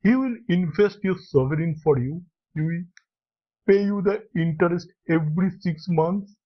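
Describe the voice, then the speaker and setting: A man's voice: sits high, normal speed, voice pushed down, natural voice. A man reading the part of a jovial young male painter who chuckles and teases his friend, on a dull lo-fi recording. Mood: amused. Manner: chuckling, teasing.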